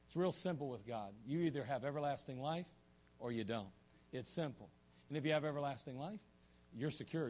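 A man's voice: a little high, darkish tone. A man preaching a sermon in a folksy, joking way, often restarting his sentences, with an Ohio accent. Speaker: pastor.

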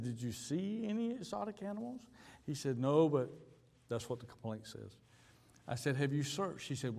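A male pastor telling a story in a sermon, acting out both sides of a conversation with sudden leaps in pitch. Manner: animated storyteller, acting out dialogue with big pitch jumps. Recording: hall reverb.

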